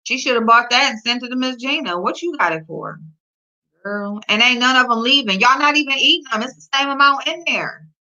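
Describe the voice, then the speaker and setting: A woman hosting a casual livestream, reading the chat aloud and talking back at it and at her dog with loud laughs. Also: on the high side, brisk. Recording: dull lo-fi sound.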